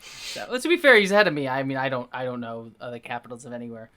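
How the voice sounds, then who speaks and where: A man's voice: medium pitch, big pitch swings, fast talker, pushed and bright. A man hosting a comedic dramatic reading, breaking in with sarcastic, exasperated asides. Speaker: host.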